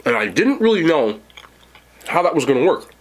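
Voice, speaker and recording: A man's voice: on the high side, sing-song, normal speed. A man hosting a casual mukbang food review, chatting to viewers while he eats. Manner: chatty, talks while eating. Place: seated indoors at home.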